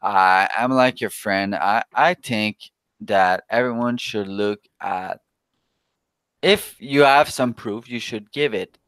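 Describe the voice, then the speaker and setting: Slow, halting man on a livestream. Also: lowish voice, fairly bright tone, clean tone, no echo. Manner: halting, stumbles over words. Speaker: livestream guest. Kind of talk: casual livestream chat.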